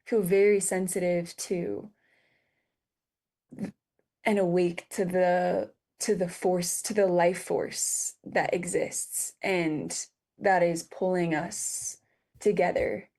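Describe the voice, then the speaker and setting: A woman in her twenties speaks as a podcast guest, sharing a personal story. She talks haltingly, with frequent fillers and restarts, and sounds close to tears. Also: on the low side, fairly even intonation, mellow. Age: 20s. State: near tears.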